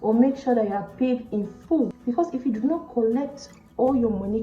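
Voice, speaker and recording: A young Nigerian woman vlogger telling stories about her work as a makeup artist, with a Nigerian accent and an animated manner, acting out the people in her stories. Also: fairly high pitch, a little fast. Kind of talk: storytelling chat to camera. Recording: roomy, slightly dull sound with faint music behind.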